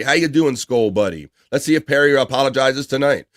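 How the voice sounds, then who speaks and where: A man's voice: mid-range voice, expressive, a little fast, few pauses, a bit bright. A man hosting a casual livestream, reading viewer messages aloud in a loose, chatty way. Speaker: livestream host reading chat. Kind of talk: casual chat.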